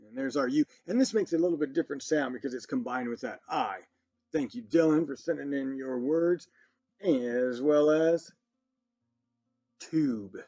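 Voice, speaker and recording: Give me a male teacher for young kids, with a slightly raised, husky voice, who talks slowly and warmly praises every answer. The recording is dull and lo-fi, with faint music underneath. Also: a little high. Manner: slow, encouraging, praising often. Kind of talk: children's phonics lesson.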